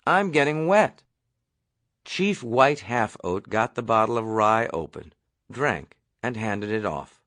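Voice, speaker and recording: A man reading a novel aloud as an audiobook, in a measured storytelling delivery. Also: lowish voice, fairly bright tone, no echo. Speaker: audiobook reader. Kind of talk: novel narration.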